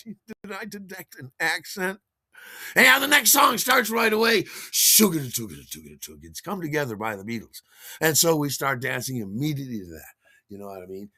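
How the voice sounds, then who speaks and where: Animated storytelling man, bright dry voice. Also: lowish voice, no room sound. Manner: enthusiastic, theatrical, scats rhythms and laughs. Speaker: podcast host and storyteller.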